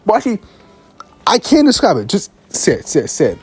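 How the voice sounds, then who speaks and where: A man's voice: sits high, wildly swooping pitch, normal speed, a little mellow, husky. A young man, a student filmmaker, telling a rambling, exasperated story in a casual vlog, often stumbling over and repeating his words. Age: young adult.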